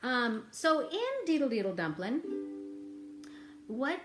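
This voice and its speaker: In an echoey room with a ukulele, a woman teaches kids music, playfully talking with them and launching into nursery rhymes they sing together. Her voice is high, sing-song and slow.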